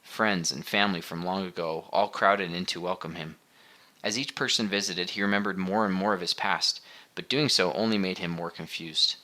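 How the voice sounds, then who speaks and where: A man reads an audiobook script aloud with a low voice, keeping his delivery steady and measured.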